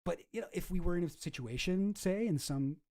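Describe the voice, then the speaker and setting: Man, reaction commentary host, fairly high pitch, warm mellow tone, profane rant, lots of restarts. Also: fairly quick. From Canada. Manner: profane, ranting, with frequent restarts.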